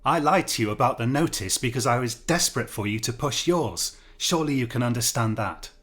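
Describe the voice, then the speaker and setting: A man's voice: mid-range voice, lively intonation, a little fast, a bit bright, close to an everyday voice. Brief: a man reading as a prim, pleading schoolteacher in a cell, defensive and earnest, audiobook story. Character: anxious pompous male schoolteacher prisoner, pleading.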